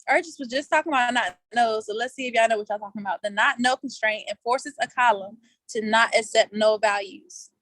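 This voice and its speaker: This woman, running a casual quiz session live online via video call from outside, chats playfully, laughs often and speaks in relaxed slang. Her voice is fairly high and fairly bright, recorded with no echo.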